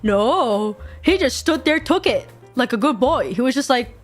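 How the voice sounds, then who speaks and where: A woman streamer chatting casually and excitedly, swearing freely and breaking into giggles. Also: sits high, normal speed, soft background music.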